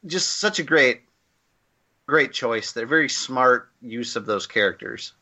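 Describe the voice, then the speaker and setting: A man's voice: mid-range voice, animated, measured pace, pushed and bright, dull audio. A man co-hosting a casual podcast discussion, giving an opinionated, rambling critique full of fillers and restarts. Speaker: podcast co-host.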